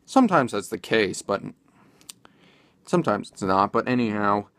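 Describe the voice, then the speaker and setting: A man's voice: fairly low pitch, big pitch swings, normal speed, fairly bright tone, no echo. A man casually commenting in a vlog, rambling and hesitant with many fillers and restarts. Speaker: video commentator.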